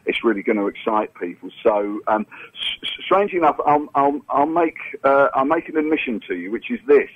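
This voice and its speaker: A man's voice: medium pitch, expressive, brisk, breathy edge. A man, an enthusiastic comics artist guest, talking in a phone interview and often repeating words as he gets going. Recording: tinny phone line.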